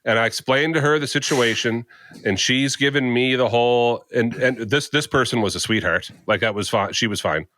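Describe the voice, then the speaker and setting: A man's voice: mid-range voice, normal speed, sharp tone, no echo. A man, a podcast co-host telling a rambling, exasperated story in casual chat.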